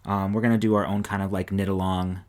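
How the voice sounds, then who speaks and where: A man co-hosting a knitting podcast, relaxed and chatty, often trailing off and restarting. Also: deep voice, quick pace. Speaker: podcast co-host. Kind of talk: casual chat.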